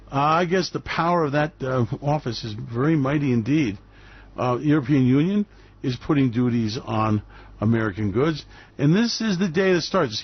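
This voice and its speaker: A man's voice: fairly high pitch, breathy edge. A man hosting a talk radio commentary show, ranting and sarcastic, and he repeats himself often. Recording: muffled lo-fi recording.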